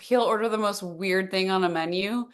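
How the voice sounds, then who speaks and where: A woman co-hosting a relaxed podcast, chiming in with quick, playful jokes. Her speech is loose and conversational. Her pitch sits in the middle. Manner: playful, quick jokey interjections. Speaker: podcast co-host. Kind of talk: casual chat.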